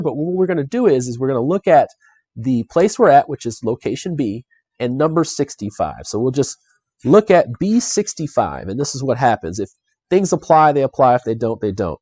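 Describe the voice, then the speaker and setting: An excitable man hosts a live solo board game playthrough and talks straight to his viewers. His pitch swings widely from phrase to phrase. The sound is dry and close, with no room echo. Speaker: board game show host.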